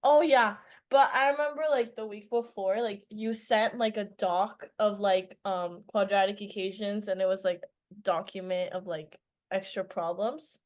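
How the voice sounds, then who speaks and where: A woman's voice: mid-range voice, unhurried. Chatty teenage girl telling a story. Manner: chatty, animated storytelling with many fillers. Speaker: guest, former student. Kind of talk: casual interview chat.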